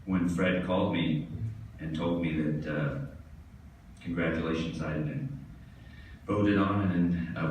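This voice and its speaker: A man's voice: low-pitched, darkish tone, a little hiss or hum. A man giving a hall of fame acceptance speech, telling funny stories and laughing along with them. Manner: storytelling, laughing at his own jokes. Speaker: tennis pro giving an induction speech. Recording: distant echoey hall recording.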